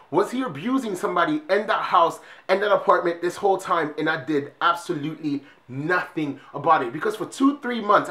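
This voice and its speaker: A young man vlogging, telling a story in an animated way, swinging between loud exclamations and hushed whispers. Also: a little high, roomy sound.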